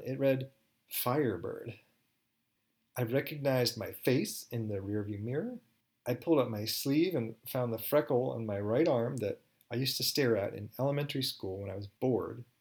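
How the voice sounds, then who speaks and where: A man tells a story in the first person in a wry, candid voice. He talks conversationally at a middle pitch, as if to a friend. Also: a little mellow.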